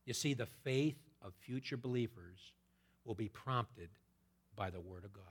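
A man preaching a sermon, quoting scripture and swinging between loud emphatic peaks and hushed whispers. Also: on the low side, a little slow, husky. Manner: quotes scripture in old-fashioned wording.

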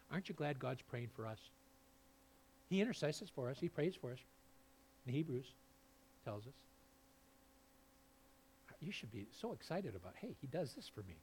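A male pastor preaching a sermon, swinging between low, quiet passages and loud, fervent peaks. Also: husky.

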